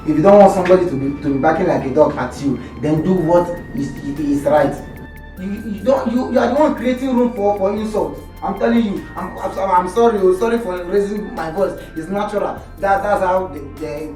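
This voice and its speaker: A man plays a stubborn young man with a Nigerian accent, talking fast and pushing the same demand over and over. He sounds distant in a roomy space, with music underneath. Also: sits high, close to an everyday voice. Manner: loud, insistent, repetitive demands. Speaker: debtor's son demanding money.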